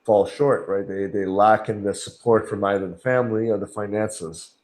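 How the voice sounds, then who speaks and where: A man's voice: fairly low pitch, steady tone, moderate pace, a little mellow. A middle-aged man guest on a podcast, talking earnestly and candidly, often acting out his own inner voice in quotes. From Canada. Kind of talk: conversational interview. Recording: echoey room.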